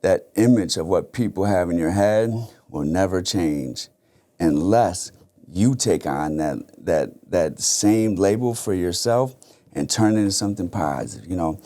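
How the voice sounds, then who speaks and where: A man's voice: deep voice, expressive, measured pace, dark tone. A man in his thirties hosting a solo podcast, talking in an earnest, casual way and often saying "you know". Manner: casual, conversational, many "you know" fillers; earnest, reflective. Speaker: podcast host.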